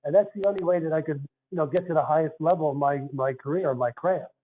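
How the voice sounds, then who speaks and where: A man's voice: fairly high pitch, fast, narrow, tinny audio. An older man with a Philadelphia accent, a guest telling stories in an earnest, conversational way. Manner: earnest, storytelling. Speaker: guest, retired basketball referee. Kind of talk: casual interview talk.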